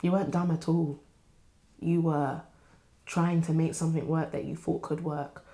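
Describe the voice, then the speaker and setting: A woman's voice: low voice, steady tone, moderate pace, mellow. A woman co-hosting a podcast, earnestly reassuring her friend in casual conversation. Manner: reassuring, earnest, frequent affirming murmurs. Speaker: podcast co-host. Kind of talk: supportive conversational chat.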